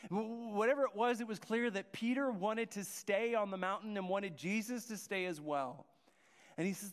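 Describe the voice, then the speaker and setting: A man's voice: high-pitched, moderate pace. A man preaching a sermon, earnest and restarting his phrases as he goes. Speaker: pastor. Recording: long hall reverb.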